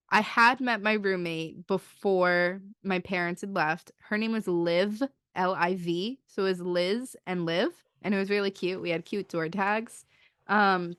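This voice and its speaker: A young woman in her twenties co-hosts a podcast, chatting her way through a personal story with lots of "like" and acted-out quotes. Her voice sits lowish and a bit bright, with a clean tone. The studio recording is clean, with no room sound.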